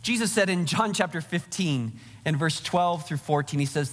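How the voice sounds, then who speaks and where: A man's voice: a little high, brisk, a bit bright, long reverb tail. A man preaching a sermon to his congregation, earnest and direct, speaking to them as their pastor.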